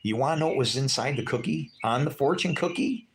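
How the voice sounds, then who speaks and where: A man's voice: medium pitch, expressive, fairly quick, slight background noise. A man telling a rambling personal story on his vlog, chatty and loose, full of asides that check in with the listener. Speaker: vlogger.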